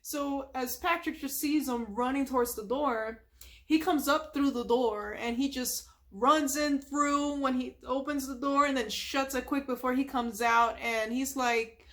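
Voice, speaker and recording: High-voiced woman retelling a story. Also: unhurried, fairly bright tone. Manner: chatty, with fillers and asides. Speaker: ASMR storyteller.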